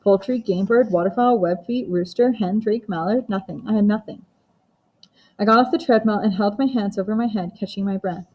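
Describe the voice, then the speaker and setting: A woman narrating an audiobook in first person, with steady, even storytelling. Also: mid-range voice, brisk, lo-fi sound.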